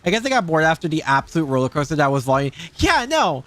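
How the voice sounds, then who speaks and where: A woman streamer giving excitable, chatty commentary while playing. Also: low voice, quick pace. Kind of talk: casual gaming commentary.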